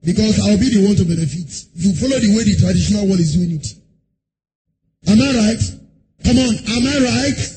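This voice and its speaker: A male pastor giving a sermon in a church service, chanting lines in a sing-song way, breaking into shouts and firing rhetorical questions at the congregation. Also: high-pitched, normal speed. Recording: noisy live sermon recording.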